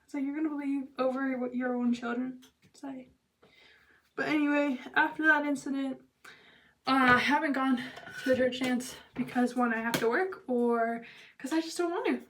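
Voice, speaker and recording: A woman's voice: high-pitched, steady tone, normal speed, a bit bright, distant mic. A young woman vlogger telling a story in a loose, chatty way, filling it with "like" and "blah blah" and dropping to a whisper for asides. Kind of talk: casual storytelling.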